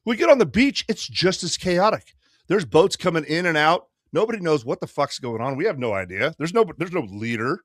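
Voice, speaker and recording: A man in his fifties telling a rowdy story to friends. His pitch swings widely, and he drops into quick impressions of other people along the way. The sound is dry and close, with no room around it. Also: dry recording. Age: 50s. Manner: profane, animated storyteller doing quick voices. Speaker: podcast co-host. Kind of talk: casual storytelling.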